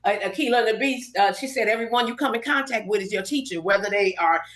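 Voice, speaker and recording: She's a fast-talking middle-aged woman from Los Angeles with a mid-range voice, guesting on a podcast for a casual storytelling chat. Animated throughout, she plays out each person's quoted lines, and the recording carries the echo of a roomy room.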